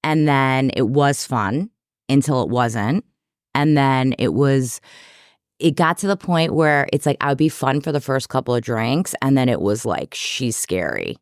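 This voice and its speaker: A woman from New York, a podcast guest and therapist, telling candid stories in an animated, self-deprecating way. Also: rumbling low, unhurried, clean tone, no echo, studio quality. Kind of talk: candid storytelling in conversation.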